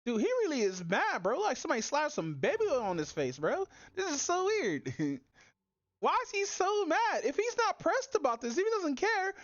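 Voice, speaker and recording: A woman's voice: high voice, big pitch swings, normal speed, no room sound. A woman streaming live, mocking a clip in casual, slangy commentary. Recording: dull, dry lo-fi mic.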